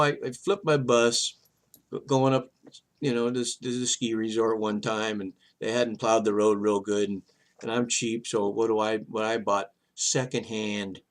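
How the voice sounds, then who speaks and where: An older man casually telling a personal story as a vlog host, rambling and animated with halting restarts. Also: mid-range voice.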